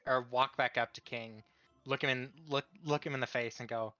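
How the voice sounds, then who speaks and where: A man's voice: medium pitch, fairly even intonation, moderate pace, pushed and bright, dry recording, lo-fi sound. A man playing a tabletop game, speaking in a plainspoken, matter-of-fact way. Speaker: player. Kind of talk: tabletop role-play.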